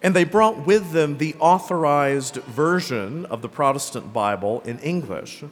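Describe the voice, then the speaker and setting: A man's voice: fairly high pitch, animated, measured pace. Male priest, conversational homily, frequent "right?" tags, long church reverb. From Greenville, South Carolina. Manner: conversational, often tags lines with "right?" and "okay?". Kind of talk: sermon.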